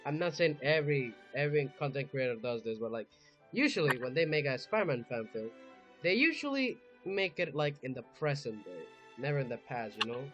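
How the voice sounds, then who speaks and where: A man hosting an online talk show, winding through his questions with lots of fillers. The audio is muffled and lo-fi, with soft music running underneath. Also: medium pitch, very animated, brisk. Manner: rambling, leans on "like". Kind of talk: casual interview chat.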